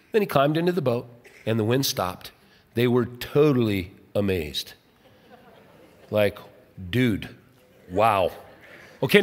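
A pastor preaches to his church, and the man's voice sits fairly high. He talks in a casual way but presses hard on his points, slipping into other people's voices when he quotes them. His voice rings out through a large hall with a long reverb. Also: fairly bright tone. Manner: conversational, emphatic, acts out quoted voices. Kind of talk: sermon.

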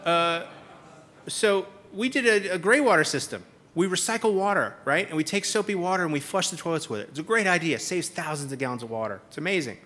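Bright-voiced sarcastic male keynote speaker. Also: on the high side, lively intonation, a little fast. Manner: sarcastic, punchy delivery with repeated punchlines. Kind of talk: comedic keynote speech. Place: conference hall stage.

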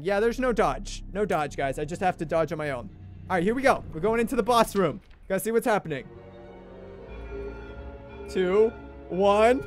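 A young man streaming a game live, chatting with viewers in an excitable, jokey way and repeating himself when he panics. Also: high-pitched, fairly quick, soft background music. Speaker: gaming livestreamer. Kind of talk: excitable live gameplay commentary.

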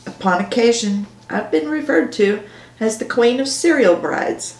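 A woman's voice: on the high side, animated, unhurried, a little mellow, slight background noise. A woman author reading her own novel aloud in first person, with dry storytelling. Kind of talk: audiobook narration. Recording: roomy echo.

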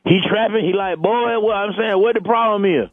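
A man's voice: high-pitched, normal speed, no echo, phone-quality sound. An actor playing a slick male street hustler calling in to a radio comedy show, rambling in slang and calling everyone "shawty" and "boy.". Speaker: radio show regular on the phone.

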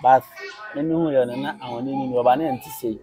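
A man in his thirties from Ghana, a teacher answering interview questions in a calm, reflective way, mixing local language with English. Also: medium pitch, fairly quick, poor audio. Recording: crowd noise behind.

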